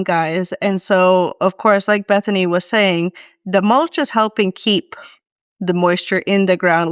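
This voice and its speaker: Chatty woman podcast host, smooth voice. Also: medium pitch, no echo. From Canada. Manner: chatty, laughs often. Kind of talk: casual chat.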